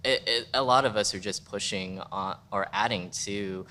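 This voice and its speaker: A man's voice: fairly low pitch, moderate pace, bright, forceful tone, a little hiss or hum. A man guest photographer in a casual panel talk, rambling and frank, full of "like" fillers. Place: museum event space.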